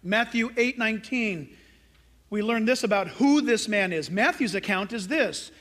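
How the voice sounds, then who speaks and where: High-voiced emphatic male pastor preaching. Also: expressive, unhurried, a bit bright. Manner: emphatic, asks the congregation rhetorical questions. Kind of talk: sermon.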